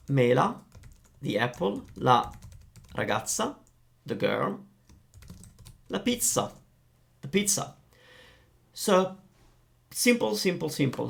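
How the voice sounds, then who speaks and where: A man teaching Italian grammar, explaining in a lively, playful way. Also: mid-range voice, gravelly.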